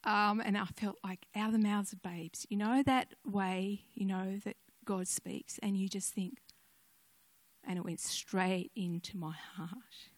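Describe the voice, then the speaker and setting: An older woman giving a personal testimony sermon, telling stories gently with conversational asides. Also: medium pitch, steady tone, unhurried, no room sound. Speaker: speaker sharing a devotional message.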